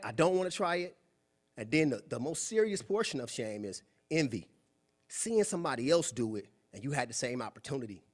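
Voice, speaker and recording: A young man giving a preachy, animated motivational talk at a club meeting, acting out quoted voices. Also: mid-range voice. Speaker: guest speaker. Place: meeting room.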